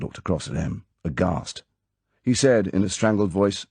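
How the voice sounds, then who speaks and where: A male narrator reads a novel aloud in a measured, expressive way. His voice is very deep with a gravelly, husky texture and lively rises and falls. The recording is close and dry. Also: no room sound. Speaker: audiobook narrator. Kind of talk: scripted narration.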